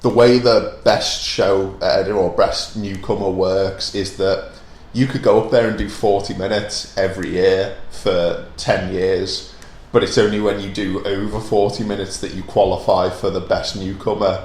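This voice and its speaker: Low-voiced man musing in a roomy space. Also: level tone, moderate pace, few pauses, a little mellow. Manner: thoughtful, musing, trailing off with tag questions. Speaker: podcast guest. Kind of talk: casual chat. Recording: roomy echo with faint background noise.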